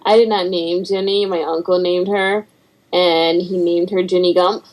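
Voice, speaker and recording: A woman's voice: lowish voice, normal speed, low-quality recording. A woman guest on a podcast, chatting casually and acting out the voices in her stories. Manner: animated storyteller, acts out quotes and barking. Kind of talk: casual chat.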